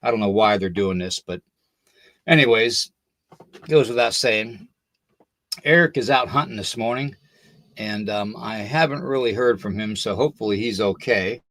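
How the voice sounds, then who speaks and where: A man's voice: on the low side, moderate pace, long pauses, a bit bright, no room sound. An older man hosting a paranormal podcast livestream, tired and a little out of breath, chatting loosely and greeting viewers by name. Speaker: podcast host. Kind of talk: casual livestream talk.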